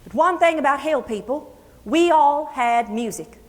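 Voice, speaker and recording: A plainspoken Kentucky country singer, played by an actress, spins her memories in a folksy, chatty way with a thick Appalachian accent. Her voice sits high. It rings with a long reverb through the luncheon hall. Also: expressive. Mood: reminiscing. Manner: folksy, chatty, unhurried storytelling. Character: homespun Kentucky country singer woman, plainspoken, fond storyteller. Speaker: actress in a historical portrayal. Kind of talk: first-person historical monologue. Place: luncheon hall before an audience.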